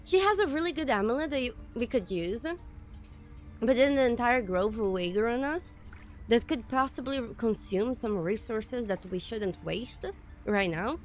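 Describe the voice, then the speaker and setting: A woman streaming a game live, reacting excitedly, swearing, and thanking viewers in casual chat. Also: fairly high pitch, moderate pace, soft background music. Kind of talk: live gameplay commentary.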